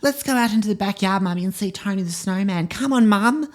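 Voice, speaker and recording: A man's voice: fairly quick, natural voice. A man doing a wailing little girl. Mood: excited. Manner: shrill wailing falsetto, melodramatic sobbing. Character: sobbing eight-year-old girl, overdramatic. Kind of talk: comedy podcast character monologue.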